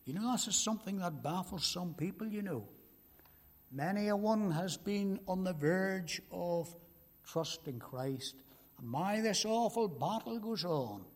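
A man's voice: sits high, lively intonation, a little slow. An older man preaching an evangelistic sermon, emphatic and pleading, repeating his key phrases. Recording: long hall reverb.

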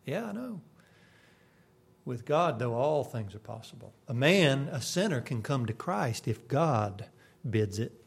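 A man preaching a sermon, swinging from sudden loud bursts to hushed, quiet lines. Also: mid-range voice, big pitch swings, unhurried, gravelly.

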